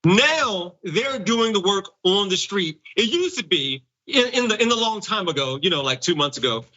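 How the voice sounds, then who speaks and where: Bright, high-voiced male co-host. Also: sing-song, normal speed, dull audio. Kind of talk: casual commentary.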